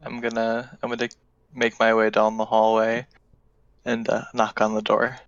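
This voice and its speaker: A man playing a tabletop game who talks haltingly with stammered restarts. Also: on the low side, monotone, no echo, lo-fi sound. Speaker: player. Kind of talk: casual tabletop play.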